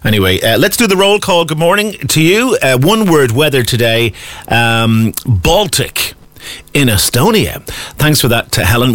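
A man's voice: mid-range voice, a bit bright, dry recording. A man hosting breakfast radio, chatting upbeat and reading out listener messages. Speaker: radio host. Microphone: studio microphone.

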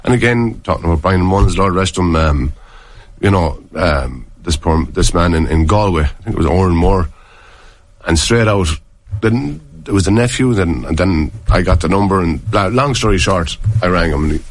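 Deep-voiced Irish man, rambling storyteller. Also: normal speed, no echo. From Ireland. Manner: rambling storyteller, many restarts. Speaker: former player, guest. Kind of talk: casual chat.

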